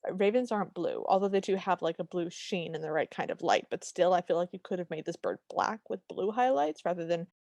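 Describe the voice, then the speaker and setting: A woman's voice: lowish voice, brisk, vocal fry, few pauses, a little mellow, no room sound, studio quality. Wry woman podcast co-host. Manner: wry, sardonic asides. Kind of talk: casual film recap chat.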